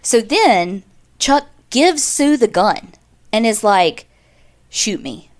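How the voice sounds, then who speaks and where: A woman's voice: on the high side, animated, slow. A woman, co-hosting a podcast and casually retelling a true-crime case with quoted dialogue and asides. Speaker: podcast co-host.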